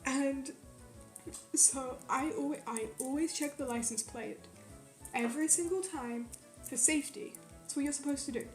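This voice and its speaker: A young woman from Quebec telling a story in a casual, animated way, swearing often and filling it with "like". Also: sits high, moderate pace, echoey room. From Quebec, Canada. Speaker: streamer. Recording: faint music behind.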